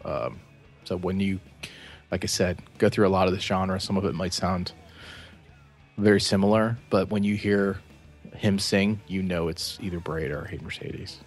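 Deep-voiced man, halting podcast chat. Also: breathy edge, soft background music. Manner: halting, many fillers and restarts. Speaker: podcast co-host. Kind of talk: casual album review chat.

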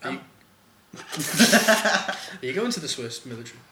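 A man's voice: a little high, sing-song, moderate pace. A man co-hosting casual radio banter, rambling with lots of fillers. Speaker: band member co-host. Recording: echoey room, faint noise.

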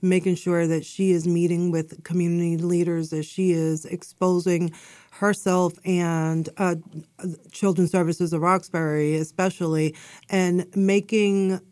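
A woman's voice: fairly low pitch, flat delivery, measured pace, warm tone, no echo, clean studio sound. A woman guest on a community radio talk show, talking about her job in a modest, friendly way with frequent fillers. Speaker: guest, chief of staff. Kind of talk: radio interview.

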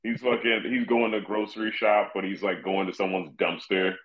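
Animated man telling profane stories, roomy sound. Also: lowish voice, moderate pace, slight background noise. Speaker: comedian guest. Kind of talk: casual comedic storytelling. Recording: roomy, dull-sounding audio.

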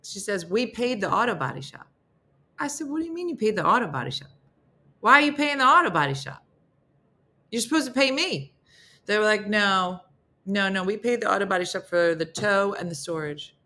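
A woman's voice: medium pitch, animated, a little fast, fairly bright tone. A woman hosting a morning show, telling a story in casual chat and acting out both sides of phone calls with big jumps in her voice.

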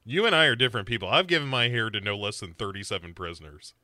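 A man's voice: on the low side, lively intonation, fast talker, sharp tone, no echo, studio quality. A man co-hosting a casual, joking show recap who laughs often. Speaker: podcast co-host.

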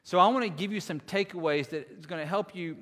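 A lead minister delivers a sermon in a fairly high voice, leaning hard on key words and then dropping to near hush. His voice rings out with a long reverb. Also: quick pace. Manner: earnest, dramatic swings between loud and quiet.

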